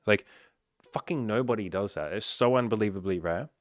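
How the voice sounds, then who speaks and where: A man's voice: lowish voice, moderate pace, no room sound, studio quality. A man talking as a dating coach in a casual, blunt monologue full of swearing. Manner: blunt and profane, conversational.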